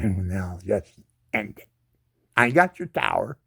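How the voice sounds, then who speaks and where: A man in his seventies, a disabled veteran, rants to camera in a voice on the low side, very animated and at a measured pace. There's vocal fry and huskiness, a slightly bright tone, and frequent pauses. His indignant monologue leans on rhetorical questions and repeated words.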